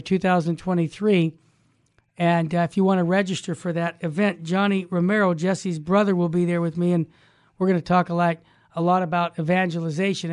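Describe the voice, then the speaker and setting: A man, a Catholic evangelist, telling a story and then teaching in an animated, folksy way. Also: high voice, no echo, studio quality.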